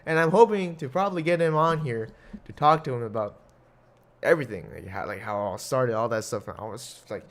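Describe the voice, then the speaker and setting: A man's voice: medium pitch, animated, a little fast, a bit bright. A young man hosting a casual solo podcast, rambling and swearing with jokes, coughing now and then. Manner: rambling, profane, jokey. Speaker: podcast host.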